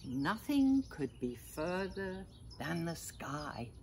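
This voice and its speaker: An older woman, a grandmother, reading a picture book aloud to children in a gentle way, pausing to ask them little questions. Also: on the low side, very animated, a little hiss or hum. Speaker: storyteller grandmother.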